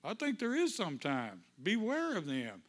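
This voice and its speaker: A man's voice: high voice, wildly swooping pitch, moderate pace, a bit bright. A male pastor preaching a fervent sermon in church, praying and reading scripture with call-and-response to the congregation.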